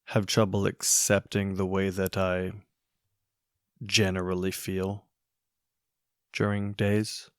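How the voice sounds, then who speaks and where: A man hosting a solo podcast, thinking aloud in a musing, hesitant way with many pauses and restarts. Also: low-pitched, completely flat delivery, smooth, dry recording, studio quality. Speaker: podcast host. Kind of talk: reflective solo podcast monologue.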